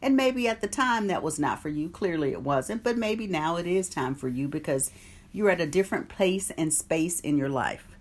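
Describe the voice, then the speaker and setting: A woman's voice: fairly low pitch, expressive, moderate pace. A woman hosting an online meditation group, chatting casually, greeting viewers by name and reading from an oracle card. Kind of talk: casual live-stream chat and card reading.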